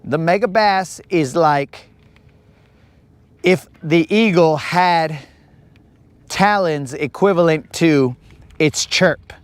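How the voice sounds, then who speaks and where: Slightly high in pitch, he takes things slowly and pauses often, with no room sound on the audio. The speaker hosts a live fishing stream from a boat outdoors, joking around in rambling slang and saying "bro" a lot.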